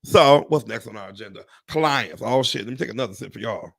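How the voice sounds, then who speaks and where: A real estate agent chats casually with viewers on a live stream, swearing, exclaiming, and addressing "y'all" directly. His mid-range voice moves fairly quickly, with some vocal fry.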